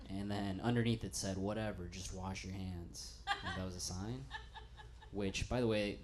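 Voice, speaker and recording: A man doing a stand-up set in a small studio in front of a live audience, talking in an offhand, deadpan way that breaks into loud comic rants. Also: fairly low pitch, slight background noise. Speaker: stand-up comedian.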